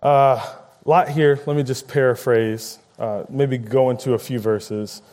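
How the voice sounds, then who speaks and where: A man's voice: mid-range voice, fairly even intonation, measured pace, a little mellow. A man preaching a conversational sermon, paraphrasing scripture and acting out quoted lines with rising emphasis.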